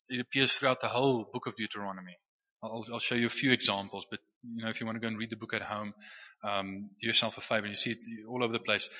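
A man's voice: mid-range voice, pushed and bright. A man preaching a sermon in a conversational way, often restarting and repeating words. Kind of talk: sermon teaching. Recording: muffled sound with long hall reverb.

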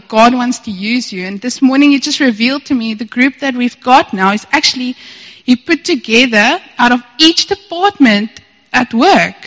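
A woman gives an excited, tearful testimony in church, laughing softly between her phrases. Her voice sits fairly high, with a long hall reverb and a dull, muffled sound. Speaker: church member sharing a testimony. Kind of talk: emotional testimony. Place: church service.

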